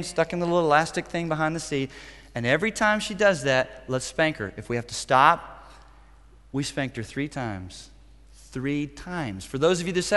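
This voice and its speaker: Middle-aged male pastor, emphatic sermon delivery, a bit high-pitched, long church reverb. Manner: emphatic, punchy preaching with sudden loud outbursts.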